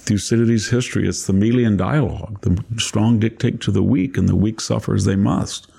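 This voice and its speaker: A man's voice: fairly low pitch, fairly even intonation, a little fast, creaky, husky. An older man hosting a podcast, discussing politics casually in an emphatic, repetitive way. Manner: emphatic, forceful, repeats phrases for effect. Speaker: podcast host.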